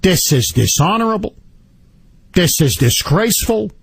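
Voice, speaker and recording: A man doing a sarcastic impression of a president, halting and feigning shock and dismay. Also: high-pitched, sing-song, vocal fry, slightly rough, no room sound, heavily acted. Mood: mock outrage. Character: mock-shocked male president, whiny and evasive.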